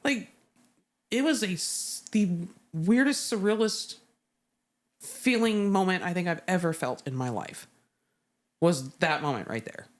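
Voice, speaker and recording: A woman guest in a casual interview, telling a story with lots of swearing and acted-out quotes. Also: extremely low pitch. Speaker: Navy veteran.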